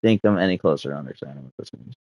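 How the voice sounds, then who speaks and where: A man's voice: rumbling low, expressive, racing, husky, dry recording, lo-fi sound. A man hosting a gaming session, rambling and ranting with casual profanity as he chats with a friend. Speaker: gaming channel host.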